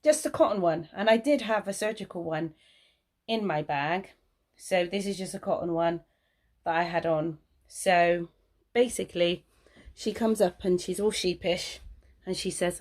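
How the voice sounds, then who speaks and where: A woman telling a story in a rambling vlog, repeating words and acting out what others said in a higher voice. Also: a little slow, a little mellow. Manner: acts out quotes in a higher voice. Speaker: vlogger.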